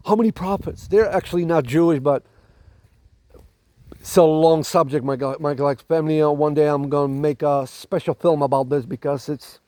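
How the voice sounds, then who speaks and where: A man with a noticeably high voice and a non-native accent delivers an emphatic spiritual monologue to camera. He preaches dramatically, repeating and restarting phrases as he presses his points. The recording is dry and close, with no room sound. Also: darkish tone, no echo. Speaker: spiritual channel host.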